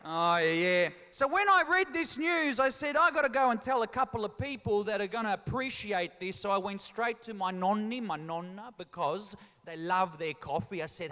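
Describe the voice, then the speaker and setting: A man's voice: high-pitched, expressive, normal speed, few pauses, sharp tone. A man doing live stand-up comedy and teasing the crowd, mixing in Italian phrases. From Australia. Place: large town hall stage. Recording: long reverb of a hall.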